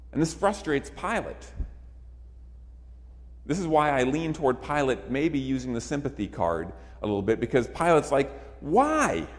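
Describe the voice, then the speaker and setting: An emphatic male preacher delivering a sermon, his voice sitting a touch high for a man. He drives points home by repeating phrases. The sound carries a long reverb from a large hall.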